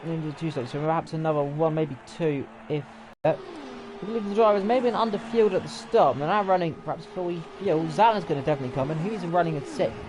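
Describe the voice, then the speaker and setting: A man's voice: a little high, fast. Chatty man calling a sim race. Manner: chatty, often unsure, corrects himself mid-call. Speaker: race commentator. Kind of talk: live sim racing commentary. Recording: game engine noise loud behind voice. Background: racing game car engines.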